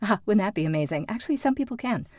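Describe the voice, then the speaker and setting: A woman's voice: mid-range voice, expressive, rapid-fire, darkish tone, no room sound. Woman coaching actors, dry close sound. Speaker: acting and dialect coach. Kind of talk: instructional talk to camera.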